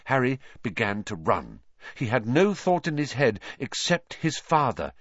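A man reading a fantasy novel aloud as an audiobook narrator, expressive and given to dramatic pauses. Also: mid-range voice, dry recording, dull audio.

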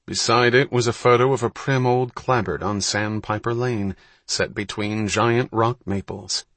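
A man reading an audiobook in a measured, unhurried storytelling manner. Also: lowish voice, steady tone, fairly bright tone, dry recording. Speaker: audiobook narrator. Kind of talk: scripted narration.

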